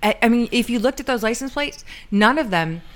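A woman's voice: a little high, lively intonation, a little fast, fairly bright tone. A middle-aged woman co-hosting a podcast, telling a personal story in casual chat, with many ums and restarts. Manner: chatty, many ums and restarts, quotes herself. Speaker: podcast co-host.

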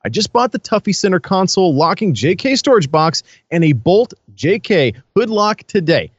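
A man's voice: sits high, moderate pace, dry recording, highs cut off. A man co-hosting a casual podcast, reading listener reviews aloud with frequent laughs. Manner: lively, laughs while reading. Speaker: podcast co-host.

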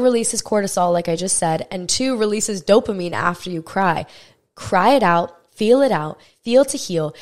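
A young adult woman hosting a self-help podcast, talking straight to the listener in a frank, swearing, coaching way. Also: mid-range voice. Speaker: podcast host. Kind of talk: casual self-help monologue.

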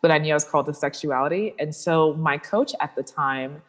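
Speaking briskly in a low register, a woman who works as a sexuality coach gives a frank interview as a guest. When she quotes people, she animatedly acts out their voices.

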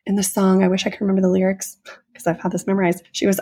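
A woman's voice: medium pitch, monotone, fast talker, dark tone, breathy edge. A woman co-hosting a podcast, earnestly and emotionally retelling a film in casual conversation. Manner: earnest, emotional storyteller who gushes. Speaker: podcast co-host.

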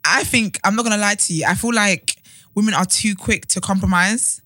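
A young woman co-hosting an advice podcast, chatty and animated, often laughing and restarting her thoughts. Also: medium pitch, normal speed, no echo. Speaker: podcast co-host. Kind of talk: casual advice chat.

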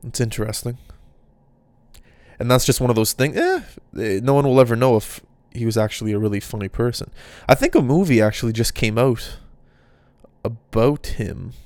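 A man's voice: mid-range voice, normal speed, darkish tone, no room sound. Male podcast host, casual solo monologue, loose and rambling, mid-range voice, clean. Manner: rambling, off-the-cuff musing.

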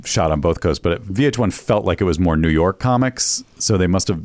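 A male podcast co-host with a very low voice who talks fast. His voice is close and dry, and he mostly offers brief, supportive comments. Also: lively intonation, a little mellow, no room sound. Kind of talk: casual comedy podcast chat.

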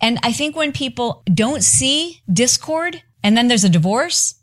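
A woman hosting a podcast, telling stories and giving advice in a chatty, animated way with lots of filler words. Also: on the high side, measured pace. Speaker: podcast host. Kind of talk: casual storytelling monologue.

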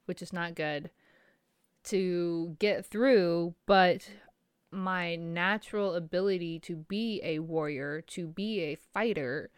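A middle-aged woman talks to camera in a candid, rambling vlog, emotional and self-deprecating. Her voice sits a little low and sounds smooth and clear. The room is dry, with little echo. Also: slow. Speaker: small business owner. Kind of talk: candid personal vlog monologue.

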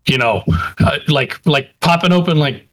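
A man's voice: a little high, normal speed, fairly bright tone. A man co-hosting a podcast, chatting casually and hesitantly, with a lot of fillers. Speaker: podcast co-host. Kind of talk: casual chat.

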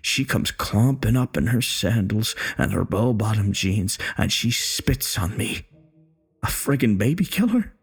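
A bitter old war veteran, acted by a man, in a horror story, with a low, gravelly voice. He talks coarse and profane, taunting and menacing by turns. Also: lively intonation, measured pace, exaggerated voice.

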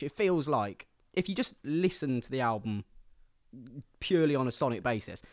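A man's voice: mid-range voice, no echo. A man talks through an album on a music podcast. He is articulate and wordy, and he swears casually. His voice sits in a mid register and is recorded dry and close. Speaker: podcast co-host reviewing an album. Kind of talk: casual music review chat.

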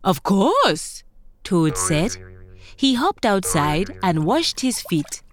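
Slow, expressive woman telling a children's story. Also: fairly low pitch. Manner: gentle, expressive, addresses young listeners.

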